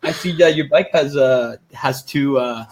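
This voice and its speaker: A man's voice: medium pitch, unhurried, noisy background, lightly acted. A man voicing a male gamer who plays a flirty female street hustler with a pushy sales patter. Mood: wheedling.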